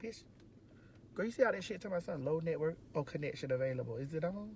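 A woman's voice: deep voice, animated, racing, darkish tone, slight background noise. A woman hosting a casual car chat to her phone camera, brassy and flamboyant, calling everyone "girl" and "honey". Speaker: vlog host. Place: inside a car.

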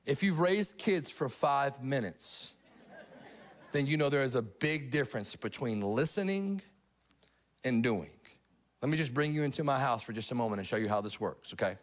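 A middle-aged male pastor preaching a live sermon in church, animated and often asking the congregation questions. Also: mid-range voice, moderate pace. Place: church sanctuary.

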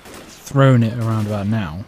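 A British man giving gameplay commentary, chatting to himself with quiet mutters and sudden outbursts. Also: on the low side, measured pace, a little hiss or hum. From Britain. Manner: chatty, jumps between mutters and sudden exclamations. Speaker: let's play gamer.

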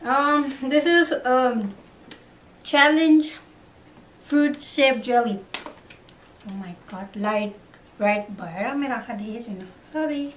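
Young woman, Nepali accent, slightly high voice, casual tasting-vlog chatter, recorded at a distance. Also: moderate pace, long pauses. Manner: chatty, mixing English and Nepali. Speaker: vlogger. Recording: roomy, distant mic, faint noise.

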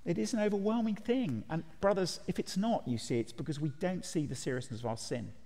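Speaking briskly in a warm, fairly high voice, a man preaches at a conference with earnest emphasis, putting direct questions to those listening. The large conference hall gives the recording a reverberant sound.

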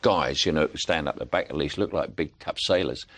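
A man's voice: rumbling low, normal speed. An older man with a London Cockney accent, a jet-lagged actor guest telling anecdotes and laughing often. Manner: animated storyteller, laughs often. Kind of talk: anecdotal interview chat.

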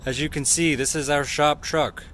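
A man's voice: fairly high pitch, steady tone, a bit bright, slight background noise. A man demonstrating a cleaning job at a truck shop, explaining each step plainly in a how-to video. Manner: slow, plain instructional talk. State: out of breath.

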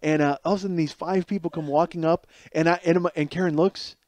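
Animated man in his forties telling a story. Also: a little high, quick pace. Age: 40s. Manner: rambling, animated, with frequent restarts and acted-out quotes. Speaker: podcast host. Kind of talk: comedic storytelling monologue. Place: home kitchen.

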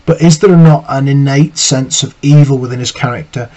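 A man's voice: mid-range voice, moderate pace, mellow, muffled recording. A male teacher giving a literature lesson, reading quotes aloud and analysing them, with frequent fillers and restarts. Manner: thoughtful, frequent "you know" fillers and restarts.

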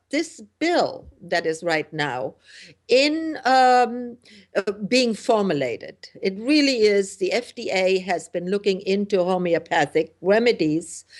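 A middle-aged woman from Germany hosting a radio talk show, talking in an indignant, emphatic way with many fillers and restarts. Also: medium pitch. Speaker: host.

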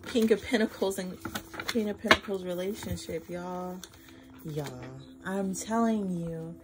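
A woman's voice: fairly low pitch, a little slow, heavy background noise. A woman giving a casual tarot reading to her viewers, effusive and emotional, swearing freely and calling them y'all. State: flustered and emotional. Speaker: tarot reader. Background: music.

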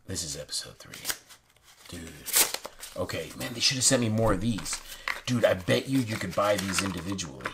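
A young man with a very low voice chats excitedly while unboxing playing cards, now and then dropping to a near whisper. The recording is noisy, with cards shuffling and clicking behind him. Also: moderate pace. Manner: excitable, chatty, drops to a hush. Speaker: playing card channel host. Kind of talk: casual unboxing commentary. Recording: noisy room with card handling sounds.

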